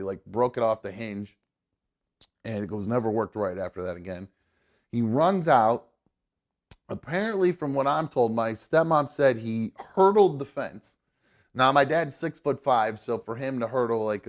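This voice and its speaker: A young man, a podcast host, telling a story in casual chat, profane and animated, acting out the people he quotes. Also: medium pitch.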